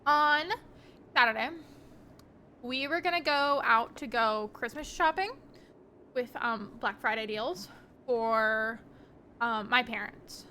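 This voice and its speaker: A woman's voice: fairly high pitch, takes it slowly, long pauses, sharp tone, slight background noise. A young woman streaming live, chatting casually with her viewers in a rambling, giggly way with lots of ums.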